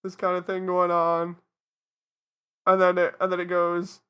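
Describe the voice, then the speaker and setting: A woman's voice: medium pitch, flat delivery, moderate pace, sharp tone, clear, resonant tone. A woman streamer in casual live-stream commentary, talking herself through a task and laughing at her own mistakes.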